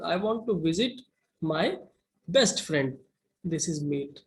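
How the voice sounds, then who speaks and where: Slow, high-voiced man teaching German grammar. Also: low-quality recording. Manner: slow, methodical, with repeated "right?" checks. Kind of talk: explaining grammar rules to students.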